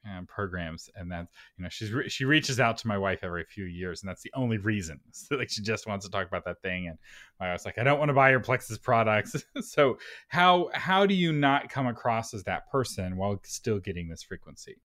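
A man's voice: on the low side, expressive, brisk, fairly bright tone, dry recording, clean studio sound. A man co-hosting a casual podcast, chatty and curious, pressing for practical answers. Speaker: podcast co-host.

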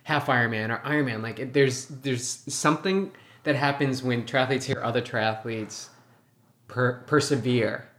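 A man co-hosts a podcast and talks eagerly about the energy of his sport. His voice sits at a middle pitch, and his delivery is lively and enthusiastic. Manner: enthusiastic, fast-talking. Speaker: podcast co-host. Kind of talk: casual interview chat.

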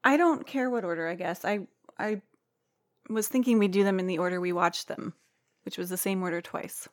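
A woman in her forties co-hosts a casual podcast at a mid-range pitch. She teases her co-host and fires back quick, playful remarks. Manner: playful, teasing, quick comebacks.

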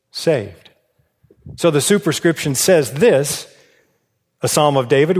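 Man preaching in a reverberant hall. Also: a little high. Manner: storytelling preacher, rhetorical questions, prompting the congregation. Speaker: pastor. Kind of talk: sermon.

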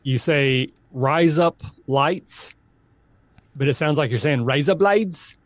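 A man hosting a podcast, chatting casually through improv games with animated, high exclamations. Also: slow pace, no echo. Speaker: podcast host. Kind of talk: casual improv game chat.

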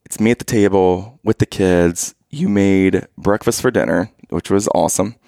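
Man, gravelly, animated storyteller, teasing, dry close sound. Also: deep voice, normal speed, no room sound. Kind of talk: casual storytelling to camera.

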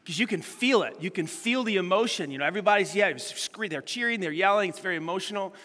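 A man's voice: high voice, fast talker. A middle-aged man preaching a sermon as a pastor, telling stories with animation and acting out what people said. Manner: animated storytelling, acts out quotes. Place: large church hall. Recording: long hall reverb.

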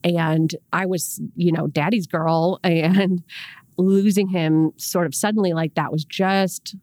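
A woman's voice: on the low side, fairly even intonation, takes it slowly, darkish tone, dry recording. A woman in her forties from Rochester, New York, with a Rochester accent, talking candidly as a podcast guest and often laughing between thoughts. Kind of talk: casual interview chat.

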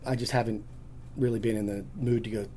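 A man's voice: fairly low pitch, fairly even intonation, fast talker, warm tone, slight background noise. A man chatting as a podcast guest, rambling through stories with many restarts. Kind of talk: casual chat.

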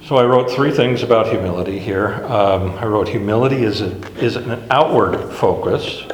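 A man's voice: on the low side, moderate pace, a little hiss or hum. A man teaching a casual Bible class in a wry, self-deprecating way, chuckling at his own jokes. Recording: echoey room with long reverb.

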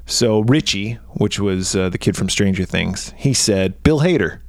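A man's voice: on the low side, lively intonation, measured pace, no echo, studio quality. A man co-hosting a podcast, casually reading off film trivia and laughing often. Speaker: podcast co-host. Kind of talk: casual movie chat.

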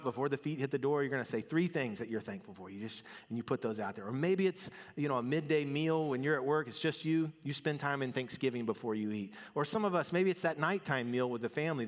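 Man preaching in an echoing hall. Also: medium pitch. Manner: conversational, swings between soft and loud. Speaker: pastor. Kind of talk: sermon.

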